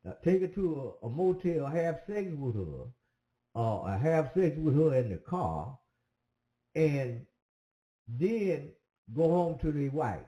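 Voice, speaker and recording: A man's voice: a little high, sing-song, takes it slowly, long pauses, mellow, lo-fi sound. A man telling a personal story in a casual, rambling way, with many hesitant fillers. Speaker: commentator. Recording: roomy echo.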